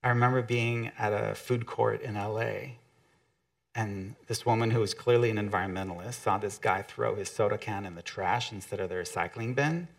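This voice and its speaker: A man's voice: on the low side, moderate pace, vocal fry. A man giving a conversational motivational talk to an audience, often acting out quotes from other people.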